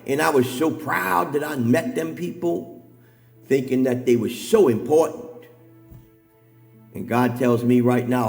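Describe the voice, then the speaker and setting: A man's voice: mid-range voice, moderate pace. Preacher man, echoing hall. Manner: builds from calm talk to shouted, near-sung preaching. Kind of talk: sermon. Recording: long hall reverb, faint music behind.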